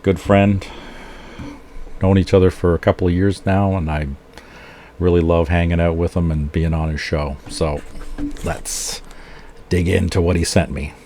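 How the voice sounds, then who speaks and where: A middle-aged man chatting casually and excitedly while unboxing comic books for his channel. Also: low-pitched, unhurried, pauses often, slight background noise. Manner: excitable, exclaims often. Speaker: comic book vlogger.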